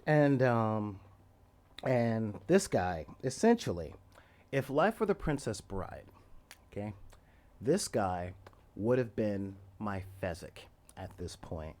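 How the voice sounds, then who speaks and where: A man in his forties telling a story in a loose, rambling way, often laughing and acting out the quoted lines loudly. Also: on the low side, big pitch swings, slow pace. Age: 40s. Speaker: podcast host. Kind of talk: casual storytelling.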